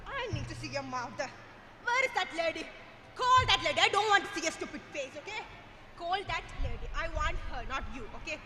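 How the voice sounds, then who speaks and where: A woman's voice: very high-pitched, expressive, a little fast. A teenage girl on a school stage, playing a cruel, abusive father in a mono act with a sneering, menacing manner. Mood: angry. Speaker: school competition performer. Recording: echoey hall with background noise.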